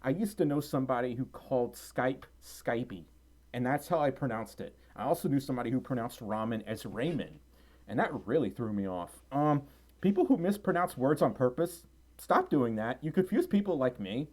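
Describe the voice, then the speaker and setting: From a home room, a Mississippi man runs a casual livestream and reads the chat aloud, tired, rambling, chatty, and giggling often. His medium-pitched voice has a darkish tone, lively intonation, and a moderate pace.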